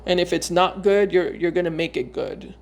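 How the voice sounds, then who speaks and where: A woman giving a casual tarot reading to her viewers. She talks in a loose, searching way, often pausing and repeating words before going on. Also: fairly low pitch, gravelly, a little hiss or hum. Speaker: tarot reader.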